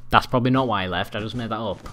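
A young man commentating his own game, rambling and swearing, breaking into angry yells. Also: fairly low pitch, racing. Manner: swears a lot, rambling, bursts into angry yelling. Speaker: gaming commentator. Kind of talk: live gameplay commentary. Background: faint keyboard clicks and typing.

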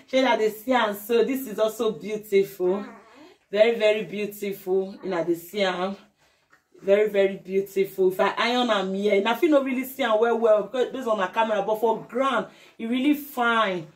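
A young woman with a Nigerian Pidgin English accent, chatting effusively in a casual unboxing vlog. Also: medium pitch. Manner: effusive, breaks into sing-song chants. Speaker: vlogger.

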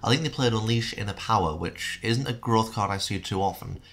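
A man's voice: fairly low pitch, fairly quick, fairly bright tone. A man hosting a casual, jokey card game commentary, chatting and laughing with his co-hosts.

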